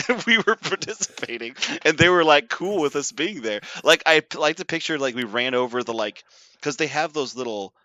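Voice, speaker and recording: Animated young man telling a story. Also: on the high side, moderate pace. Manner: animated, acts out quotes, laughs often. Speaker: podcast host. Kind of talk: casual storytelling chat.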